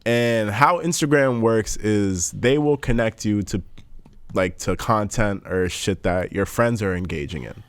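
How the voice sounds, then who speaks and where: A man's voice: lowish voice, a little slow, clean tone, no room sound. A young man co-hosting a podcast, telling a story in loose, joking slang. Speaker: podcast co-host. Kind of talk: casual chat.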